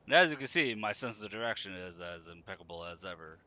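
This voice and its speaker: A tired streamer running on caffeine chats casually as he plays a game, talking back to the characters on screen. His deep voice is animated and sharp, moving at a quick pace.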